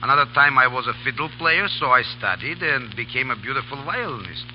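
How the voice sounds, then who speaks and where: Male actor guest, playful and boastful, broken English, bright voice. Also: medium pitch, expressive, a little fast, soft background music, rough recording. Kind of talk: 1930s radio banter.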